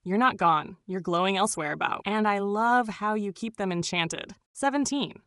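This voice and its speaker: A woman's voice: medium pitch, normal speed, fairly bright tone, no echo, studio quality. A woman reading scripted narration in a gushing, doting way, full of pet names.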